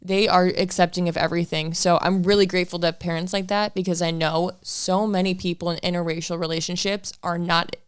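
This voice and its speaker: A woman's voice: lowish voice, clean tone, no room sound, clean studio sound. Frank, chatty young woman podcaster. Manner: chatty, laughs often, frank. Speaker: podcast co-host. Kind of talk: casual couple podcast chat.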